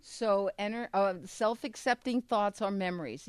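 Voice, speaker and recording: A woman's voice: fairly low pitch, animated, slow pace, no room sound. A woman speaking earnestly to a church audience about abortion recovery, often asking them questions. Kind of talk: conversational church talk.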